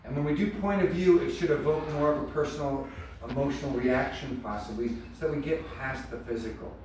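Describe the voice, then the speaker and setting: A man's voice: mid-range voice, brisk, a little mellow. A man coaching an acting class, talking bluntly and with energy, laughing often. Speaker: acting teacher. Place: large echoey studio room. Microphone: far camera mic. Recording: echoey room from a distance, noisy.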